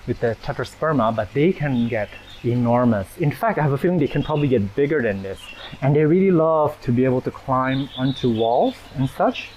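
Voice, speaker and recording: A man with a mid-range voice gives a casual walkthrough of his houseplants, chatty and self-deprecating and quick to laugh. He moves around with a handheld camera, and a faint hum of ambience sits behind him. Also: medium pitch, darkish tone, poor audio. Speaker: plant channel host. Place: indoor plant collection and nursery.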